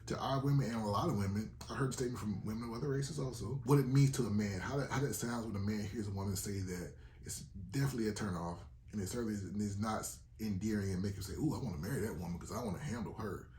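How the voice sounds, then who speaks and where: A man delivers frank relationship advice in a dark, mellow voice. He is emphatic and a little preachy, repeating key points to drive them home. The sound carries the echo of a bare room. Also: on the low side, fast, hardly any pauses, a little hiss or hum. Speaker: podcast co-host. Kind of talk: candid relationship advice talk.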